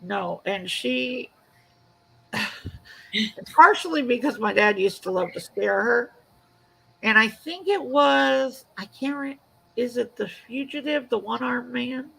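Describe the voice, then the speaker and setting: A woman co-hosting a casual online chat, her voice full of gravelly fry yet bright, pitched a touch high. She chimes in and trades quick remarks over a video call. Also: animated, low-quality recording. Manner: conversational, chiming in. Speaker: co-host.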